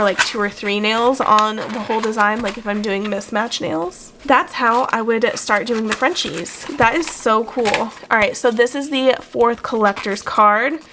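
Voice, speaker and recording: Woman, young adult, higher-pitched, enthusiastic, casual unboxing chat. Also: fairly bright tone, a little hiss or hum. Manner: gushing, enthusiastic, many fillers. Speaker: nail artist unboxing products.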